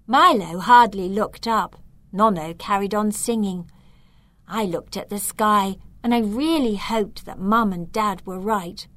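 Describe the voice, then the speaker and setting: Woman narrator for a storybook, unhurried, dry close recording. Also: medium pitch, a bit bright, no room sound. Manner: clear, measured reading aloud. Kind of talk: storybook reading.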